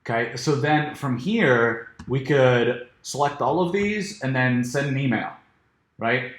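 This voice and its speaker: Guy walking through software on screen share, lots of ums and restarts, voice a bit worn, roomy echo. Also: medium pitch, slow. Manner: casual, many fillers and restarts. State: losing his voice. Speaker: software reviewer. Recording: echoey room.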